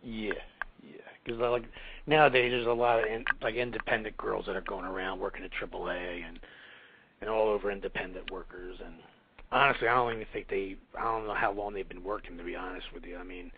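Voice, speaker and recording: Gravelly low-voiced man on a phone line. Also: fairly even intonation, brisk, slight background noise. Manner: casual, rambling questions. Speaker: co-host. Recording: dry phone-line audio.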